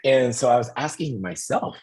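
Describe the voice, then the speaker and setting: A middle-aged man with a hoarse voice, telling a story in a casual, animated way and acting out the people in it. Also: medium pitch, normal speed. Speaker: host.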